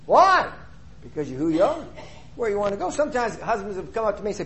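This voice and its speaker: A middle-aged man preaching a sermon, emphatic, asking rhetorical questions and swinging between loud and soft delivery. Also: sits high, sing-song, fast talker.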